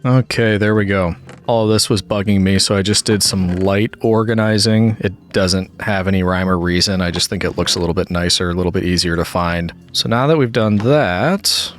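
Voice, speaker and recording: Guy with a lowish voice doing laid-back gameplay commentary, just chatting and thinking out loud. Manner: relaxed, chatty, thinking aloud. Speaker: gaming YouTuber.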